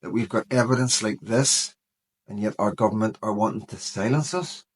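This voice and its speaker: A man in his fifties speaks in a somewhat low voice, earnest and worried. He delivers personal commentary straight to his viewers. He fills his sentences with "you know". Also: normal speed, husky. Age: 50s. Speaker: vlogger.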